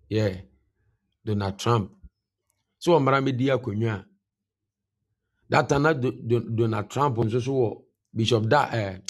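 A male pastor with a Ghanaian accent, preaching a morning devotion. His voice is mid-pitched with a gravelly edge. He switches between Twi and English and drives his points home by repeating them. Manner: mixes Twi and English, repeats key phrases for emphasis.

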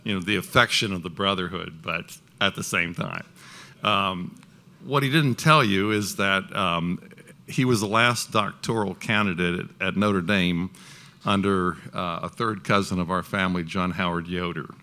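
A man's voice: low-pitched, steady tone, moderate pace, bright, forceful tone. A man moderating an event, thanking the speaker and addressing the audience in a rambling, hesitant way. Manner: rambling, hesitant, many ums. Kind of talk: casual remarks to an audience.

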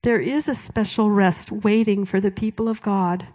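A woman shares a personal story from the pulpit in a sermon-style testimony. Her voice sits in a middle pitch and moves between easy, chatty telling and soft, hushed whispers when she quotes divine words. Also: fairly even intonation, normal speed. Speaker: speaker at a Christian event.

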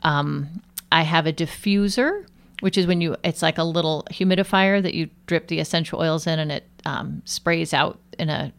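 A woman's voice: low voice, moderate pace, creaky, clear, resonant tone. A woman guest, a nurse and aromatherapist, talking casually and animatedly in an interview with many fillers.

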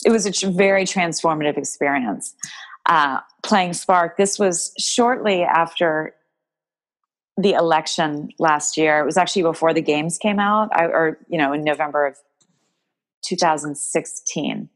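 A woman's voice: sits low, a little slow. A woman guest in an interview, telling a personal story in a rambling, emotional way with many restarts. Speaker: guest, game creator.

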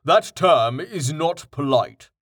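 Casting: measured, proper companion, male narrator, steady tone, dry close mic. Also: on the high side, breathy edge, dry recording, full character voice.

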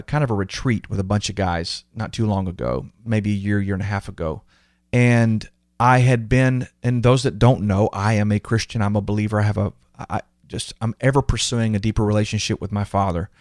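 A podcast host with a fairly low male voice speaks a little quickly in a dry, clean studio recording. He tells personal stories casually but with earnest emotion, animatedly acting out what other people said to him.

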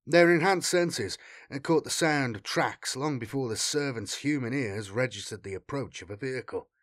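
A man reading a war story aloud in a dramatic, expressive way as an audiobook narrator. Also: mid-range voice, moderate pace. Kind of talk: scripted narration.

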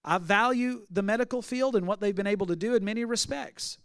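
A man preaching as pastor speaks briskly in a high, fairly bright, clear, and resonant voice, acting out the people in his stories before building to emphatic declarations. The clean studio recording has no echo.

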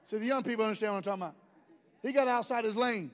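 A man's voice: high-pitched, very fast, in a large hall, a faint crowd. A man preaching a sermon, conversational, joking with the congregation in asides. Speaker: pastor.

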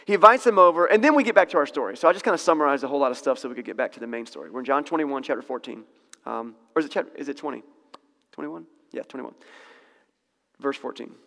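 A man teaching a Bible passage in a relaxed, conversational way, correcting himself and laughing in asides. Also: medium pitch, fast, gravelly, long reverb tail.

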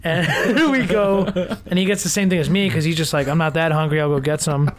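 Young man, rambling podcast co-host, fairly high pitch. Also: fairly quick. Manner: rambling, swears casually, lots of fillers. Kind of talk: casual chat.

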